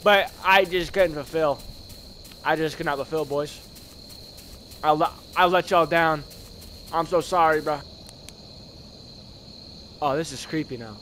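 Male gameplay commentator, high and hoarse, excitable, slang-heavy, with a slight background hiss. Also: a little slow, long pauses. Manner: excitable, slangy, shouts at scares then mutters. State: hoarse, voice worn from screaming. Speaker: gaming video creator.

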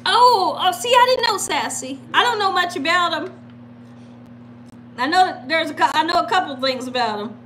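Woman cooking live at home, bright high voice jumping all over, chatty and laughing a lot. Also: normal speed, slight background noise. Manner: animated, laughs often while telling stories. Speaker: cooking channel host. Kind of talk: casual live-stream chat.

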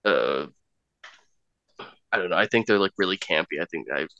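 A man's voice: deep voice, lively intonation, normal speed, sharp tone, highs cut off. A man co-hosting a podcast in casual chat, joking and telling stories with hesitations. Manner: joking, drops into silly voices. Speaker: podcast co-host.

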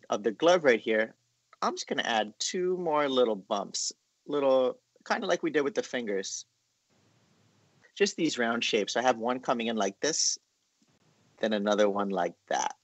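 A man's voice: mid-range voice, sing-song, unhurried, long pauses, dry recording. A man hosting a casual drawing lesson, explaining each step in a chatty, encouraging way with lots of fillers. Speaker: art class host.

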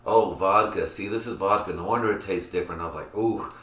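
A man's voice: low-pitched, quick pace, fairly bright tone. A man hosting a podcast in casual, profane chat, rambling and laughing at his own jokes. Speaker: podcast host. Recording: roomy echo.

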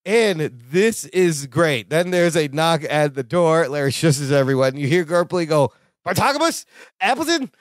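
A man's voice: fairly high pitch, measured pace, few pauses, no echo, clean studio sound. A man co-hosting a podcast, eagerly retelling a sitcom episode with frequent laughter. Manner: enthusiastic, laughs often, acts out quotes. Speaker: podcast co-host. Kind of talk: casual recap chat.

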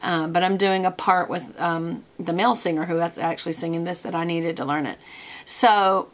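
A woman's voice: on the low side, fairly even intonation, normal speed. A woman, talking casually to camera from her desk as a product vlogger, chatty and wandering off on tangents.

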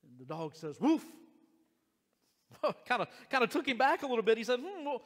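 An earnest male pastor preaching in a high, light voice that often restarts phrases and stretches key words. His voice rings with the long reverb of a church hall. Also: sing-song, a bit bright. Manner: earnest, repeats and restarts phrases, slows for emphasis. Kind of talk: sermon. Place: church sanctuary.

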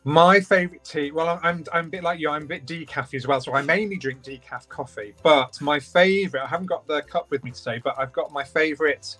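A man's voice: on the high side, a little fast, hardly any pauses, sharp tone, faint music behind. A man from England chatting casually as a radio guest, easygoing and rambling. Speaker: guest author. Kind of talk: casual chat.

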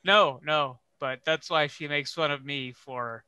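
A man's voice: fairly high pitch, measured pace, sharp tone, clear, resonant tone, no echo, dull audio. A man co-hosting a comedy podcast in casual chat, making dry, wry remarks. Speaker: podcast co-host.

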